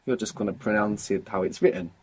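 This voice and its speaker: A man's voice: lowish voice, fast. A man teaching a language lesson, patiently prompting his students and explaining words step by step.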